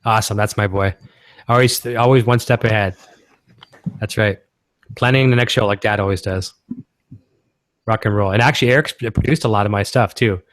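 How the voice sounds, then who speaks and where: A man's voice: fairly low pitch, brisk, long pauses, a bit bright, dry recording. A man from Canada hosting a casual guitar-gear livestream, talking in an enthusiastic, rambling way.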